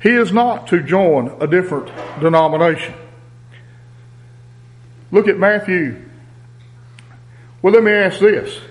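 A male preacher delivers his sermon in a measured, emphatic manner, pausing over each phrase of scripture. His voice sits high for a man, and he takes his time. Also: rough recording. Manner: slow, emphatic, deliberate Bible reading.

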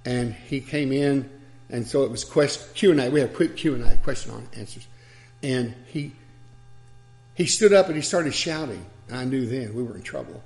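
A man's voice: mid-range voice, normal speed, a little mellow, faint music behind. A man preacher delivering a sermon, telling stories with chuckles and asides.

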